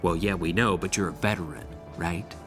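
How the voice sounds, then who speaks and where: A man's voice: deep voice, normal speed, over music, lightly acted. A man doing an offhand old ghost card player.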